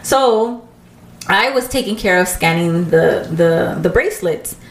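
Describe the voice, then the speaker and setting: A podcast co-host casually tells a story, animatedly acting out the people in it by raising her voice to a higher pitch for quotes. She speaks unhurriedly, and the sound is roomy.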